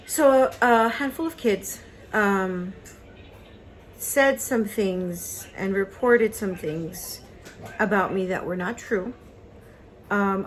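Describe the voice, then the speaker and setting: A woman's voice: mid-range voice, a little hiss or hum, low-quality recording. A woman in her thirties telling a painful personal story in a vlog, hesitant, with many fillers and restarts, and choked up at times. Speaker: craft vlogger. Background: cartoon on TV in the background.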